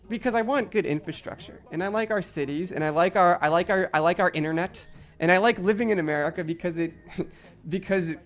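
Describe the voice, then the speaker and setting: A young man streaming, ranting in frustration with heavy swearing and lots of filler words. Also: high voice. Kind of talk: casual live-stream chat while gaming.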